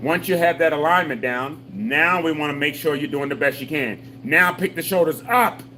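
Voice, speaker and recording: A senior fitness instructor leads a live exercise class for older adults, giving patient, repetitive step-by-step and call-and-response cues along with folksy jokes. His voice is on the high side, bright and forceful at normal speed, and the rough recording has slight background noise.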